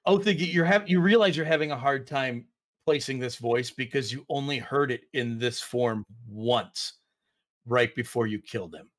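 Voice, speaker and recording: A man's voice: mid-range voice, normal speed. A man running a tabletop game as game master, narrating casually with fillers and restarts.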